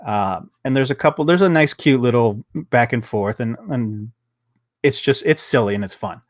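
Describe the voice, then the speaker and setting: A man chats loosely as he recaps a TV episode, his voice sitting at an ordinary middle pitch. He rambles with plenty of fillers and restarts and swears without a second thought. The sound is close and dry, with no room around it. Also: moderate pace, no room sound. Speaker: podcast host reviewing a TV episode. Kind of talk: casual review chat.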